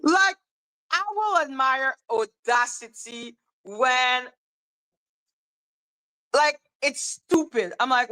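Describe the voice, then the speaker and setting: A woman hosting a livestream, talking straight to her chat in an animated, repetitive rant broken up by laughter. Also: high-pitched, very slow, pauses often, no room sound, low-quality recording. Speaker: livestream host.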